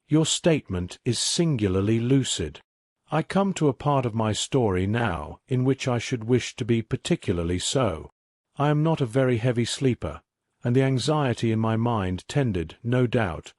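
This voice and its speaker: A man narrates a classic mystery as a sleep story, in a measured, even reading. His mid-range voice is recorded close and dry, with no room sound. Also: mid-range voice, dry recording. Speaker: audiobook narrator.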